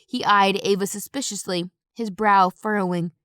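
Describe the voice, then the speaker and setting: A woman giving brisk, expressive first-person audiobook narration on a close studio mic. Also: medium pitch, dry recording.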